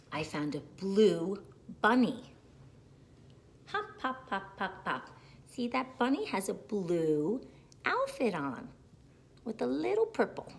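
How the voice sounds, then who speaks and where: A woman reads a picture book aloud to young children, unhurried and in a sing-song manner. Her pitch swoops up and down a lot, and she takes her time over every line. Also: slight background noise. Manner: slow, animated, sing-song reading. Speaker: storyteller reading aloud to children.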